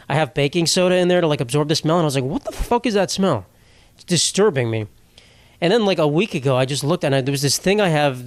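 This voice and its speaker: A man's voice: a little high, dry recording. A young man hosting a solo comedy podcast, rambling and swearing as he mocks himself. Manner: profane, rambling, self-mocking. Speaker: podcast host.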